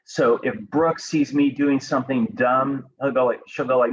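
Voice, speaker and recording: Calm man giving a student devotional. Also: mid-range voice, crowd noise. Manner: calm, unhurried, with frequent ums and restarts. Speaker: school devotional speaker. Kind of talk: devotional talk and prayer to students. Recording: dull lo-fi recording with faint background noise.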